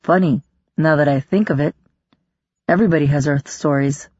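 A man's voice: a little high, fairly even intonation, moderate pace, a little mellow, no room sound, highs cut off, close to an everyday voice. A reader voicing a wry man who makes irreverent jokes. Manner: wry, joking. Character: man, crew member, joking and irreverent.

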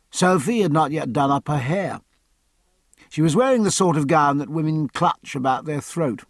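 A man narrating a period novel as an audiobook, measured and even in his storytelling. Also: a little high, husky, no echo.

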